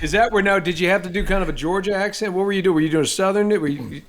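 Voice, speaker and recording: A man's voice: high voice, racing, a loud crowd. A man in casual chat, joking and bantering playfully.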